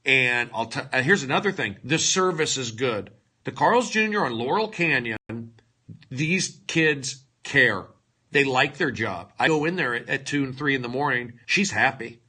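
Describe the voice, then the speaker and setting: A male comedian rambling through a livestream monologue, lurching between loud outbursts and hushed mutters, with mock-dramatic, self-mocking asides into a phone. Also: mid-range voice, expressive, unhurried, slightly rough.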